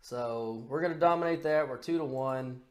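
A man co-hosting a casual political podcast, crude and excitable, swearing freely. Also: medium pitch, normal speed. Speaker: podcast co-host.

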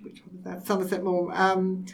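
A woman's voice: on the low side, monotone, a little fast, creaky, distant mic. A woman hosting a book discussion, talking hesitantly and searching for her words. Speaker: host. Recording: voice a bit off mic.

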